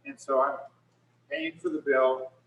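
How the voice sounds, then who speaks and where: A man's voice: medium pitch, little pitch movement, a little slow, distant mic. A middle-aged man, a photographer, telling rambling stories in casual talk on a video call with many restarts. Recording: echoey room, speaker off mic.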